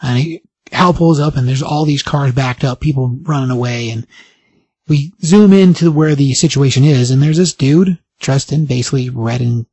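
Guy on a podcast telling a comic plot all animated, kinda husky voice, super dry mic. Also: medium pitch, normal speed, dry recording. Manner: animated storytelling, briefly acting out quoted lines. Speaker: podcast host. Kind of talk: casual comic book recap.

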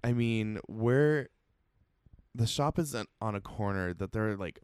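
A man hosting a casual podcast, telling stories in a chatty way and laughing easily. His voice is smooth and clear, sitting a little low, with a loose conversational flow. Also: animated, measured pace, darkish tone. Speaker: podcast host. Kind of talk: casual interview chat.

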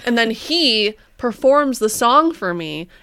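Woman, podcast co-host, comic improvised storytelling, animated, very lively pitch, dry close sound. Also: takes it slowly, clean tone, no echo. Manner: animated, bursts into high sing-song put-on voices.

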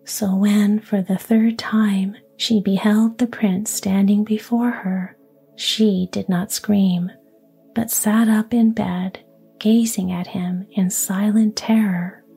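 A woman reading a fairy tale aloud in a soft, even, unhurried whisper. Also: medium pitch, gravelly, breathy edge, faint music behind. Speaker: storyteller.

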